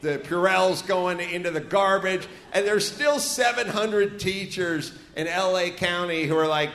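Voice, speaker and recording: This live comedy podcast host from North Hollywood, California rants and cracks crude jokes on a venue stage before an audience. He has a high, somewhat bright voice, keeps a measured pace and hardly pauses. The venue's echo comes through in the sound.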